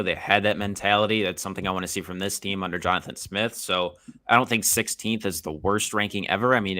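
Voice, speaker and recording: A man appearing as a guest on a sports podcast, talking in a measured way and thinking aloud with lots of fillers. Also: lowish voice, sharp tone, no echo, studio quality. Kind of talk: casual sports podcast chat.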